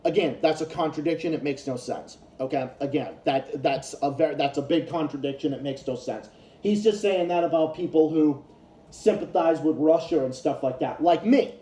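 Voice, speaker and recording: A man's voice: on the high side, moderate pace, warm tone, reverberant. A man ranting in a casual commentary vlog, heated and profane, often restarting his sentences. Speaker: YouTube commentator.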